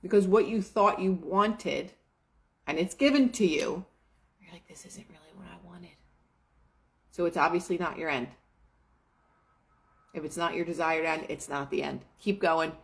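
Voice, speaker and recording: A woman's voice: on the low side, normal speed, long pauses. Chatty woman hosting motivational talk. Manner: chatty, filler-heavy, quotes herself and others in lively asides. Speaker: manifestation show host.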